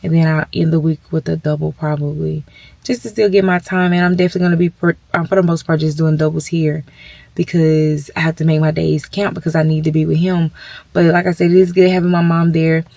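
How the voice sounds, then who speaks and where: Woman in her 40s, vlogging from work, emotional and chatty, kinda low voice. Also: little pitch movement, fairly quick, creaky, warm tone, no echo. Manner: emotional, talks straight to viewers. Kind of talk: casual vlog update. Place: at her workplace.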